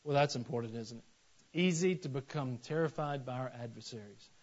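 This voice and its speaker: A man, preaching a sermon and telling stories with animated acted-out voices. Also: medium pitch, a little fast. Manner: animated storytelling, acts out voices in anecdotes. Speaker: pastor. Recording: dull lo-fi sermon recording.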